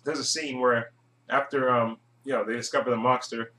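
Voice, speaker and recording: A man giving a casual, rambling movie review monologue, chuckling often and filling pauses with "uh". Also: medium pitch, fairly even intonation, pushed and bright. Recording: echoey room.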